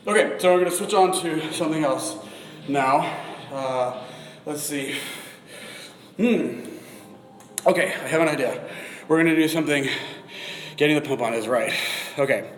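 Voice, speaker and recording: A man's voice: fairly high pitch, normal speed, long pauses. A man in his forties chatting casually through a live-streamed workout, swearing now and then and breathing heavily between sets. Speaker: fitness vlogger. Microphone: phone camera. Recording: echoey room with long reverb.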